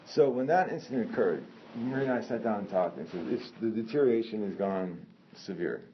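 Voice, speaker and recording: Deep-voiced man, casual profane storyteller who rambles and self-corrects; muffled lo-fi recording. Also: lively intonation, fairly quick. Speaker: storyteller recounting a personal incident. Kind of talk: casual spoken anecdote. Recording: dull lo-fi sound with faint noise.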